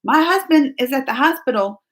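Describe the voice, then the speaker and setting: A woman's voice: high-pitched, animated, normal speed. A woman hosting a casual live-stream chat from home, chipper and chatty, reading viewer names aloud. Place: at home, just out of bed.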